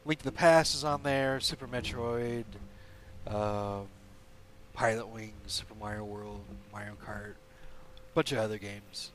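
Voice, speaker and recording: A man's voice: on the low side, steady tone, measured pace, fairly bright tone, a little hiss or hum. A man hosting a casual podcast chat with friends, joking around and laughing often. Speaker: podcast host. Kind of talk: casual chat, quizzing friends on movie quotes.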